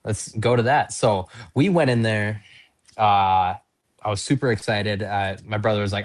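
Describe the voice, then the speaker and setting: A man's voice: lowish voice, steady tone, moderate pace. A man from North Dakota, a pro wrestler and podcast guest, telling casual stories in a chatty, rambling, self-deprecating way. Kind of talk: casual storytelling in an interview.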